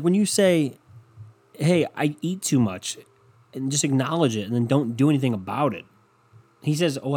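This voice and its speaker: Husky ranting man, profane and sarcastic. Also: fairly high pitch. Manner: ranting, profane, sarcastic, swings loud and soft. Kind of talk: casual rant monologue. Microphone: desk microphone.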